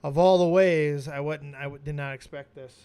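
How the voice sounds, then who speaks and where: A man hosting a live stream, giving excitable watch-along commentary with frequent exclamations and swearing. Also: a little high, moderate pace, clear, resonant tone. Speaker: streaming host reacting to wrestling.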